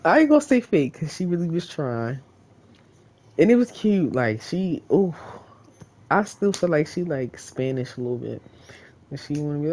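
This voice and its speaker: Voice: medium pitch, sing-song, normal speed, long pauses, darkish tone. A vlogger talking in a casual, rambling monologue straight to the camera, swearing freely and laughing often.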